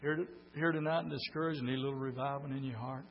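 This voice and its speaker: Gravelly older preacher, folksy. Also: male voice, mid-range voice, fairly even intonation, fast talker. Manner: folksy storytelling, swings from quiet to shouting. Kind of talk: sermon. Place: church meeting. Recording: dull lo-fi recording with mains hum.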